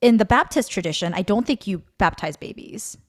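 A woman's voice: medium pitch, lively intonation, fairly quick. A woman co-hosting a podcast, sharing a personal story in a rambling, chatty way full of fillers and self-corrections. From Korea. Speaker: podcast co-host. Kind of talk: casual testimony chat.

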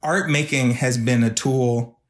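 A man guest on a podcast who speaks earnestly and reflectively, with his feelings close to the surface. His voice sits in an everyday middle pitch, and he talks with an unguarded, heartfelt manner. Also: fairly even intonation, a little slow. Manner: earnest, reflective, openly emotional. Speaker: podcast guest, video artist. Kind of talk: casual podcast conversation.

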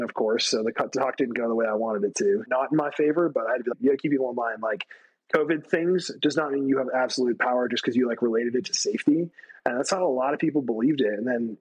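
A man, a retired Army staff sergeant from the United States, telling stories as a podcast guest, animated, acting out quoted people with a raised voice. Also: fast talker, breathy edge, low-quality recording. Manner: animated storytelling, acts out quotes with raised pitch. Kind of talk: casual storytelling interview.

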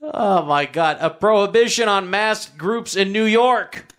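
A man co-hosting a podcast, chatting casually in a crude, excitable way. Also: sits high, measured pace, clear, resonant tone. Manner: crude, loud, excitable banter. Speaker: podcast co-host. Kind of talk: casual chat.

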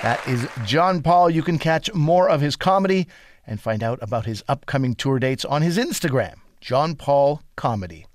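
A male host introducing comedians in a brisk announcer manner. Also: medium pitch, animated, some chatter behind.

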